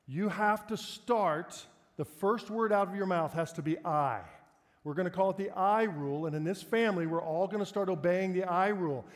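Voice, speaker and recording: A man's voice: high voice, moderate pace. A middle-aged man preaching a sermon, telling family stories in a conversational, self-deprecating way. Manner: conversational, self-deprecating storyteller, breaks into laughter. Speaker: pastor. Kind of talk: sermon with personal storytelling. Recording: long reverb of a large hall.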